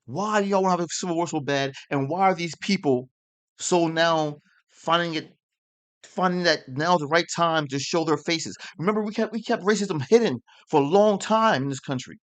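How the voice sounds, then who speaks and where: A man's voice: on the high side, normal speed. A man delivering a rambling political rant to his audience, heated and full of slang and rhetorical questions. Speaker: online commentator.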